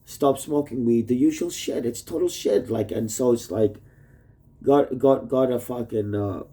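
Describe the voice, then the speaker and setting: A man speaks into a phone set up in his cluttered room, talking to his wife in a long, wandering monologue. His voice is warm and dark, heavy with profanity, and he switches subjects constantly. His pitch sits at an ordinary middle level for a man. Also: unhurried. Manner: heavy swearing, jumps between topics. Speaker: husband recording a video message to his wife. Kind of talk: rambling casual monologue. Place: at home in a messy rented room. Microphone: phone plugged in nearby.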